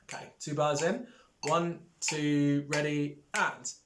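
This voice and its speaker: A man's voice: medium pitch, fairly even intonation, normal speed, background noise. A man teaching brass players in a recorded lesson, friendly and hesitant, with many ums, singing rhythms out as "da". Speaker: music teacher.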